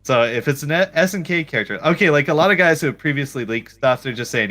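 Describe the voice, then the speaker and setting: A man's voice: fairly high pitch, expressive, quick pace, bright, forceful tone. A man co-hosting a gaming podcast in casual chat, playful and jokey, telling stories with animation. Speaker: podcast co-host.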